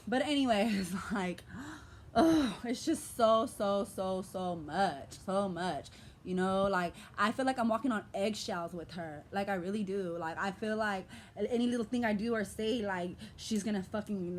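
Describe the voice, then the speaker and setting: A young woman with an American urban vernacular accent vents in an emotional vlog rant, passionate, aggressive and profane. Her voice is mid-range, with slight background noise behind it.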